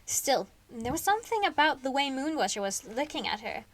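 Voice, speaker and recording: A woman's voice: sits high, brisk. Sleepy woman reading a novel aloud. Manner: expressive reading with small slips and self-corrections. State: sleepy, yawning. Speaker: streamer reading a book aloud.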